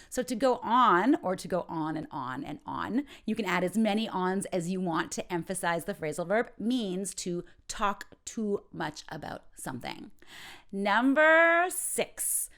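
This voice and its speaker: A woman teaching informal English in a playful way, acting out short example dialogues. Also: medium pitch. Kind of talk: informal ESL lesson.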